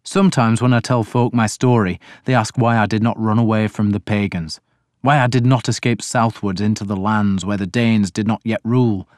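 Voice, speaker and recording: Low-voiced male audiobook narrator. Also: fairly even intonation, darkish tone, no room sound, studio quality. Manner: measured storytelling. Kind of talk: scripted first-person narration.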